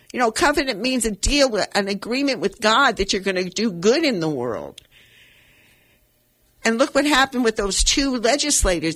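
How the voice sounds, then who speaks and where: An older woman hosts a radio talk show in a fairly high, slightly bright voice. She delivers impassioned commentary with earnest, emotional conviction, rambling and restarting her sentences.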